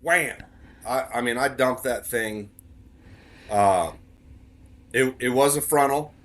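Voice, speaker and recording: A man's voice: mid-range voice, takes it slowly. A man as a podcast guest telling a story in casual conversation, earnest, repeating words for emphasis.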